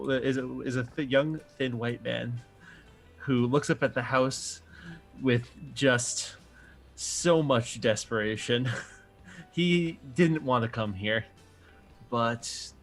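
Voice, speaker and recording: A man narrating as game master of a tabletop game, an easygoing storyteller who chuckles often. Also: medium pitch.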